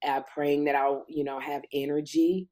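A woman's voice: sits low, moderate pace. A middle-aged woman hosting a talk show, chatting casually and animatedly, acting out the voices in her stories and still a little out of breath. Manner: animated storyteller, acts out quoted voices. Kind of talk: casual chat.

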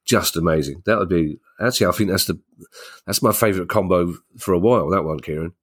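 A man with a very deep voice co-hosts a podcast in relaxed conversation. He rambles with eager enthusiasm, piling up praise as he goes. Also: fast talker, husky. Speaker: podcast co-host. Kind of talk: casual chat.

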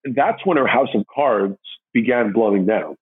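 A man's voice: lively intonation, moderate pace, husky, narrow, tinny audio. A man animatedly telling his own story, acting out the voices of the people in it. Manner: acts out others' voices with big pitch jumps.

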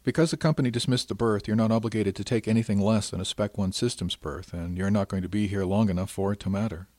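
A man voicing a calm, kindly female starship captain who speaks gently and matter-of-factly. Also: lowish voice, no echo, close to an everyday voice. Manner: gentle, brisk and matter-of-fact.

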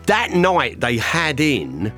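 A man telling a long comic anecdote to a panel, rambling and animated, acting out other people's voices. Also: fairly high pitch, slow pace, faint music behind. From England. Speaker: comedian storyteller.

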